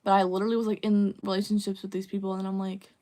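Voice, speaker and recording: A woman's voice: mid-range voice, little pitch movement, very fast, mellow. A young woman streaming live, chatting casually and candidly, swearing freely. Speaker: livestreamer. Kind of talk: casual livestream chat.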